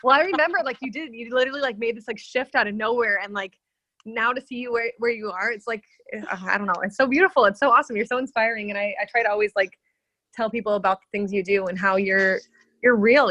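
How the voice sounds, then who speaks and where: A woman's voice: mid-range voice, fast, fairly bright tone, no echo. A woman guest in a casual chat, gushing and enthusiastic.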